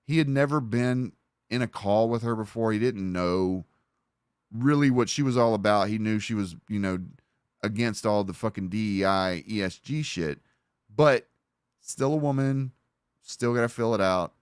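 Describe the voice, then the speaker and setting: A man's voice: lowish voice, moderate pace, smooth, dry recording, clean studio sound. A man hosting a livestream, rambling in profane, casual commentary and talking over a video he is reacting to. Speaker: livestream host.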